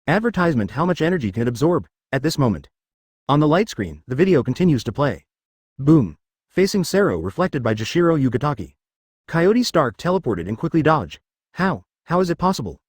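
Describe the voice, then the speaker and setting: A man reads a story aloud in steady scripted narration. His pitch is mid-range but lively, rising and falling throughout. The sound is dry and close, with no room echo. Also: fairly quick, breathy edge.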